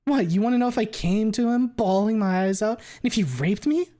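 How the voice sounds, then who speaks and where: A man voicing a volatile young woman, high and screaming. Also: steady tone, moderate pace, dark tone, lightly acted. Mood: furious. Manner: screaming and swearing. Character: volatile young woman, raging then sobbing. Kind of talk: dramatic reading of a story.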